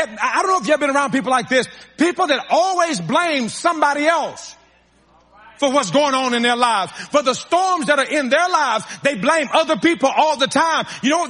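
A man preaches with a strikingly high, bright voice that rings through a large reverberant hall. He hammers points with repeated phrases and calls out to his congregation as he goes. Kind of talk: sermon.

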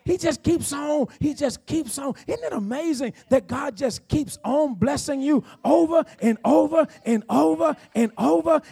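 High-voiced emphatic male preacher. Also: vocal fry, a little mellow. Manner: emphatic preaching with repetitions and call-and-response; slows down to draw out key phrases. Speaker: pastor. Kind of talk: sermon. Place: church sanctuary.

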